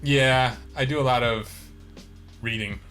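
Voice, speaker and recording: A man's voice: mid-range voice, fairly even intonation, a little slow, fairly bright tone, faint music behind. An American man co-hosting a podcast, talking casually and rambling with lots of fillers. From United States. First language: English. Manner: rambling, lots of likes and you-knows. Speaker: podcast co-host. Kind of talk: casual chat.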